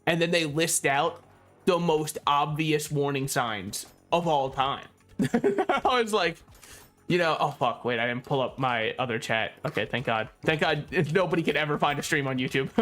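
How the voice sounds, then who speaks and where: A young man talks loosely over his gameplay, his voice sitting a little high for a man. He drifts from game choices into joking tangents and laughs often, with faint game music under him. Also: lively intonation, moderate pace, fairly bright tone. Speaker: game streamer. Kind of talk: casual gameplay commentary.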